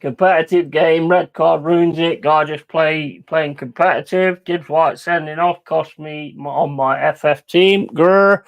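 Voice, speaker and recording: A man's voice: a little high, fairly even intonation, unhurried, hardly any pauses, highs cut off. A man hosting a football watch-along, ranting furiously with heavy swearing about refereeing decisions. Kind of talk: live football reaction commentary.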